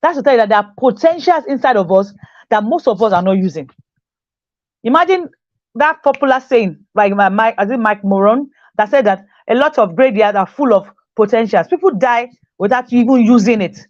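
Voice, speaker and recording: A woman's voice: fairly high pitch, animated, a little fast, a little mellow, dry recording. Woman teaching life skills, repeating points. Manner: repeats key phrases for emphasis, acts out quoted voices. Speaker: teacher giving a talk. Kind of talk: motivational talk to a group. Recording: dull, dry lo-fi recording.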